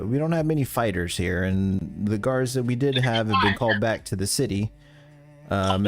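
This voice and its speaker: A man voicing an unhurried frontier villager who drawls out dry remarks. His voice sits low and relaxed. He is a character in a tabletop role-play. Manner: slow, drawling, dryly unbothered.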